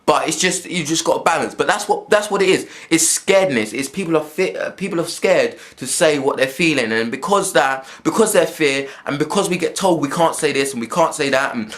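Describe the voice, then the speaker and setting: A man's voice: fairly high pitch, brisk, hardly any pauses, a bit bright. A young man, talking in a blunt, rambling vlog monologue full of swearing and restarts. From England. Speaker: vlogger. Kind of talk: casual spoken monologue.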